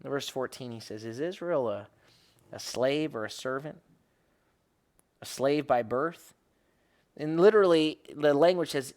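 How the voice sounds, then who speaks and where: A man's voice: on the high side, animated, measured pace. A man as a rabbi giving an earnest devotional Bible teaching, rising to emphatic questions and often correcting himself mid-phrase.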